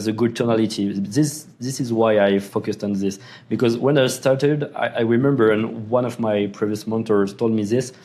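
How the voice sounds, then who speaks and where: A man's voice: mid-range voice, darkish tone. Young man with a French accent. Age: young adult. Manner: non-native phrasing, laughs while telling stories. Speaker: sales closer. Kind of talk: casual podcast chat.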